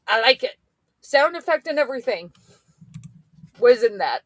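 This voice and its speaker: A woman's voice: on the high side, sing-song, takes it slowly, a bit bright, no echo. A woman co-hosting a casual political talk show, laughing in disbelief as she talks. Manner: laughing, incredulous. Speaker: podcast co-host.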